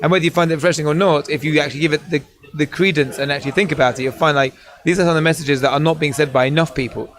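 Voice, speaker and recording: A man's voice: a little high, fairly even intonation, racing, a bit bright. A man hosting a live fundraising broadcast, chatty and rambling as he fills time.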